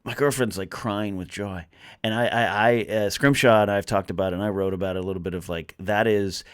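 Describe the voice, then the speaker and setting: A man's voice: lowish voice, fairly even intonation, a little fast, clean tone, dry recording, studio quality. A man on a podcast as a guest, talking casually and animatedly, rambling with lots of restarts. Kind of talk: casual chat.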